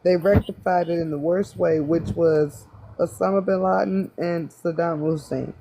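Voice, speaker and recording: Halting American man, slightly high voice. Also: steady tone, gravelly, mellow, a little hiss or hum. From United States. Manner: halting, full of restarts and self-doubt. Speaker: panelist in a live online discussion. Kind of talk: casual debate.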